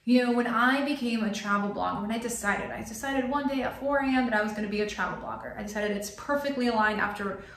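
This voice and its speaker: A woman's voice: a little high, fast talker, hardly any pauses, fairly bright tone, echoey room. A woman vlogger giving an earnest motivational talk to camera, repeating phrases for emphasis. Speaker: lifestyle vlogger.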